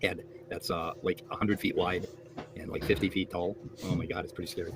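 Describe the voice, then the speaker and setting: A man's voice: deep voice, level tone, fairly quick, noisy background. A man on a livestream telling a rambling joke in casual chat. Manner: joking, rambling.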